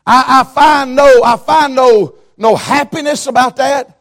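A high-pitched male preacher delivering a fiery sermon. He drops to hushed, quiet passages and then rises to loud shouting. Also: measured pace. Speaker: preacher, evangelist.

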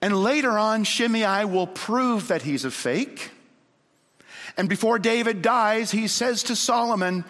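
A man preaching a sermon, telling a story dramatically and swinging from loud to hushed. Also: sits high, measured pace. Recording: long hall reverb.

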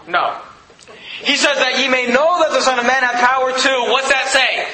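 A male pastor preaching a sermon in an emphatic, conversational way with quick asides. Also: very high voice, fairly even intonation, pushed and bright, echoey room, poor audio.

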